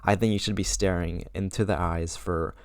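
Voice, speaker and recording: A man's voice: sits low, fairly even intonation, moderate pace, dry recording. A young man around eighteen giving casual social advice to camera, chatty and full of fillers, acting out sample lines.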